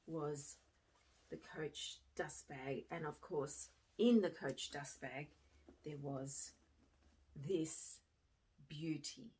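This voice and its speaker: Breathy woman telling a heartfelt story. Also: low voice. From Australia. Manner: animated, swings from hushed to excited. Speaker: fashion vlogger and former teacher. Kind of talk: emotional storytelling to camera.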